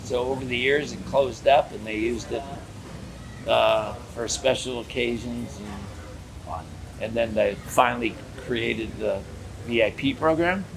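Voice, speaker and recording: A man's voice: mid-range voice, a little slow, creaky, noisy background. An older man, a theme park character performer telling stories in a casual interview and acting out the dialogue. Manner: animated storyteller acting out dialogue.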